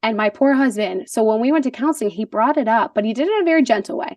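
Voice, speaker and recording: Woman in her forties, chatty guest, upbeat with a slightly raised pitch, often laughing. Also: fast, no echo, studio quality, distant mic. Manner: animated storyteller, laughs often. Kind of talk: casual conversation.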